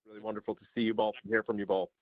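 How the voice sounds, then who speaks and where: Man, call host, fast flat delivery, brisk thanks, tinny phone-like audio. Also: fairly low pitch, no room sound. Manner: brisk thankful closing remarks. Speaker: chief resident hosting the chat. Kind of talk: wrapping up a video call. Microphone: video call.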